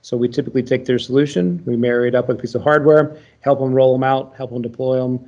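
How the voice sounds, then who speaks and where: Male founder as podcast guest, mellow voice, explanatory with frequent fillers, dull lo-fi remote audio. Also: medium pitch, steady tone, quick pace. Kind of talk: casual business explanation.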